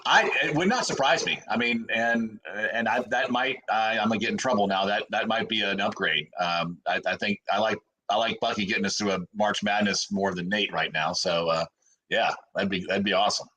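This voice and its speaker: A man's voice: on the low side, fairly quick, sharp tone, husky, rough recording. A man co-hosting a sports radio chat, chuckling often and restarting his sentences. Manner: chuckling, hesitant with many restarts.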